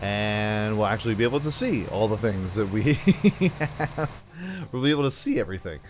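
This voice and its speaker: A man's voice: lowish voice, expressive, normal speed, slight background noise. A man casually commenting on a farming game as he plays, chatting to himself and the game with jokey asides. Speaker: gameplay commentator.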